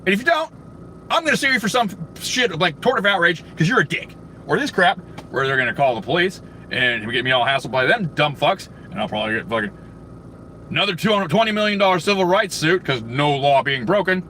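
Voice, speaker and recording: A man's voice: on the high side, very animated, a little fast, sharp tone, slight background noise. A man hosting a livestream, ranting crudely and angrily in a rambling way full of fillers and restarts. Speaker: livestream host. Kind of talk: profane ranting monologue.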